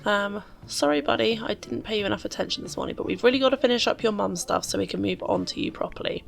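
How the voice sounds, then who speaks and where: A woman with a hoarse, croaky voice from being unwell, chatting casually as she narrates her gameplay. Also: medium pitch, quick pace. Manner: chatty, rambling with fillers. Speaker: let's-play host.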